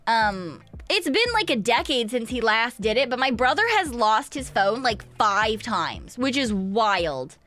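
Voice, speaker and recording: A woman's voice: fairly high pitch, very animated, a little slow, hardly any pauses, a bit bright, soft background music. A young woman, streaming and telling a rambling story in casual chat, swearing freely. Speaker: VTuber streamer.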